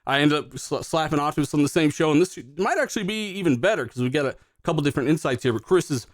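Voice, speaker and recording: A man's voice: on the high side, lively intonation, quick pace, no room sound, studio quality. A man hosting a live gaming podcast, talking loosely with lots of fillers and some swearing. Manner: loose, profane, rambling with fillers. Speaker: podcast host. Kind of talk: casual live-stream chat.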